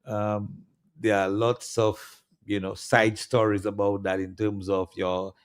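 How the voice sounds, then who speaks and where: A man's voice: lowish voice, little pitch movement, a little slow. A man hosting a radio interview, asking questions with many hesitant "um" and "uh" fillers. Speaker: radio show host. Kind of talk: interviewing a guest.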